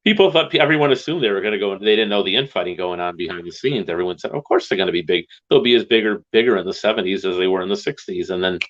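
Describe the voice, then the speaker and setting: Low-voiced man telling rambling stories. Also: rapid-fire, hardly any pauses, lo-fi sound. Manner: rambling, animated storytelling with laughs. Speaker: stream host. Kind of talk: casual livestream chat.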